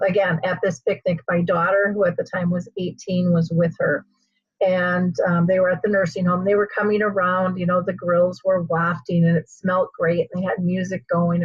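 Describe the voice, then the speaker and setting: A woman hosting an interview, telling a personal story in a lively way and acting out the people she quotes. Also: on the low side, slightly rough, no echo, dull audio. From United States. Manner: animated storyteller, acts out quoted voices. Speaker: host.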